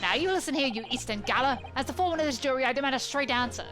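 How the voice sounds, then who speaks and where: A woman plays a bossy, indignant jury foreman who barks out demands in a brusque way. The voice sits fairly high, with game music underneath. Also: expressive, rapid-fire.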